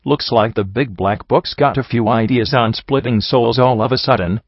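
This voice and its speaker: A man reading a storybook voices an excitable young colt sidekick who fires off eager questions. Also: medium pitch, moderate pace, no room sound, lightly acted. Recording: dull lo-fi recording.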